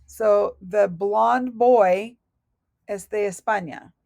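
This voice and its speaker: A woman teaching a Spanish lesson from her notes, speaking slowly and deliberately and correcting herself aloud as she goes. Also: mid-range voice, gravelly, darkish tone, no room sound. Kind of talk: recorded lesson reading through notes.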